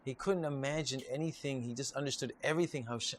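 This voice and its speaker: A man's voice: mid-range voice, fast talker, slight background noise. A man, a rabbi, giving an informal Torah class, telling stories and repeating and restarting his phrases. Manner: repetitive, restarts often, lively storytelling.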